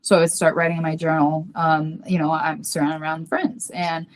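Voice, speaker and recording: An earnest woman with a slightly low voice confides a personal story as a podcast guest. She speaks openly and animatedly, and her voice leaps upward whenever she acts out what someone said. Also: normal speed. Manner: earnest and confiding, talks about herself by name; animated, jumps high when acting out quoted voices. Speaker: podcast guest, psychic medium.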